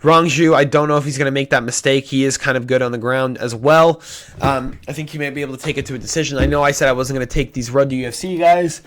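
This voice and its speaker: A young man casually talking through fight predictions, cursing often and changing his mind out loud. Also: medium pitch, fairly even intonation, fast. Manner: indecisive, swears often, flips picks. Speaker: MMA prediction YouTuber. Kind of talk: casual solo prediction talk.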